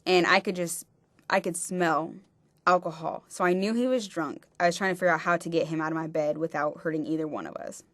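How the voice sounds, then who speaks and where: Woman, low-ish voice, halting personal testimony, dry close sound. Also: fairly even intonation, dry recording. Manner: halting, frequent restarts. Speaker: interviewee recounting a personal experience.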